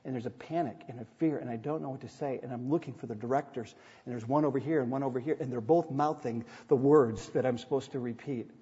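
A man's voice: mid-range voice, fast, dark tone, husky. A middle-aged man preaching a sermon from the pulpit, reading scripture aloud and telling personal stories in an earnest way with touches of light humor. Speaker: pastor. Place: church sanctuary. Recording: dull sound with long hall reverb.

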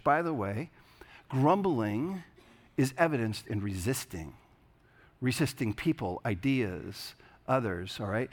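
Animated male pastor preaching. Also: medium pitch. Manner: animated, acts out grumbling voices. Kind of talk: sermon.

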